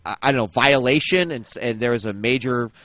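A man's voice: medium pitch, brisk, a bit bright, no echo. A man hosting a casual esports podcast, talking loosely with lots of fillers and restarts. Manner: hesitant, many fillers and restarts. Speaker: podcast host.

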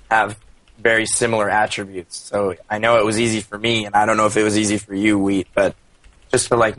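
A man on an esports podcast panel, speaking in a measured, deliberate way over a call that breaks up. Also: fairly low pitch, fairly bright tone, no echo, rough recording. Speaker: podcast panelist, pro gamer. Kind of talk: casual esports podcast chat.

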